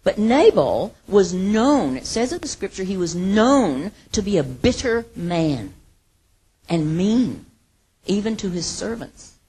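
A woman teaching from the Bible in a casual sermon, retelling the story with lively acted quotes and laughter. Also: medium pitch, slow, breathy edge.

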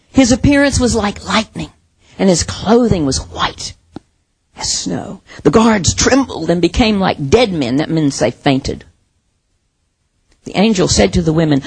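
A middle-aged woman preaching a sermon, expressive, with soft dramatic pauses. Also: mid-range voice, vocal fry, breathy edge, no echo.

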